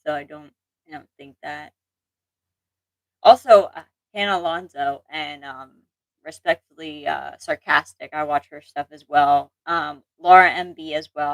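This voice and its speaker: Chatty young woman livestreaming, rather low. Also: a bit bright, dry recording, low-quality recording. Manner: chatty, rambling, self-deprecating, frequent laughs and restarts. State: occasional allergy cough. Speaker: channel host. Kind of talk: casual livestream chat.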